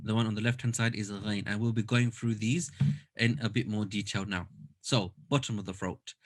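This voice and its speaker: A man's voice: fairly low pitch, steady tone, normal speed. Patient male teacher demonstrating sounds. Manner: patient, explains step by step and demonstrates sounds aloud. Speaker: Quran recitation teacher. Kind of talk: online class teaching.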